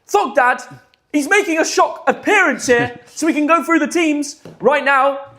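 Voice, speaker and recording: A young man with a high voice hosts a live football stream. He is excitable and jumps from loud hype to quick chatty asides.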